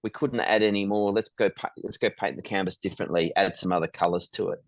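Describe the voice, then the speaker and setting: Low-voiced reflective middle-aged man. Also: steady tone, fast talker, no room sound. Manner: reflective, frequent ums and restarts. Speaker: guest, business founder. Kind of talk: conversational interview storytelling.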